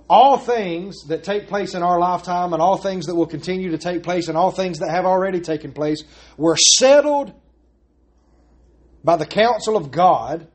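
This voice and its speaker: A man preaching a sermon as pastor, earnest and emphatic, stressing his points and asking rhetorical questions. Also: high voice.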